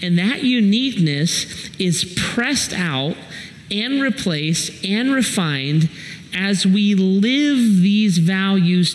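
Animated preaching man in a reverberant hall. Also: sits high, slight background noise. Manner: animated preaching with storytelling asides. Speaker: pastor. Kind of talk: sermon. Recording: long reverb in a large hall.

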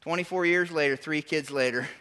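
Bright-voiced animated male pastor. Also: on the high side, fairly quick, smooth. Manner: animated storytelling with call-and-response to the congregation. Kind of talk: sermon.

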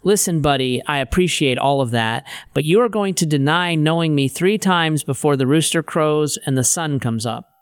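A man voicing Jesus as a gentle, patient teacher in relaxed, modern phrasing. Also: on the high side, moderate pace, hardly any pauses, clear, resonant tone, dry recording, lightly acted. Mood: earnest.

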